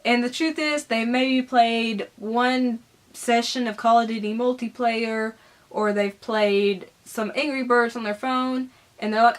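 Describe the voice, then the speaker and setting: A woman's voice: on the high side, fairly even intonation, unhurried. A young Southern American woman with a Southern accent, chatting casually as she answers viewer questions in her vlog. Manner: chatty, rambling, giggly.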